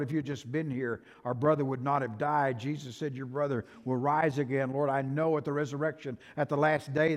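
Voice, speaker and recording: A man preaching a sermon as pastor, folksy and direct with the congregation, swinging between hushed asides and loud, emphatic passages. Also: fairly high pitch, big-room sound.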